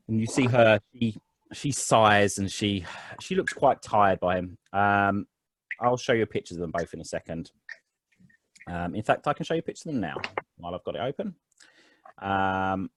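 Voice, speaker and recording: A man's voice: on the low side, lively intonation, normal speed, no room sound. A man narrating as game master of a tabletop game online, talking loosely with frequent ums and restarts. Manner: rambling, many fillers and restarts.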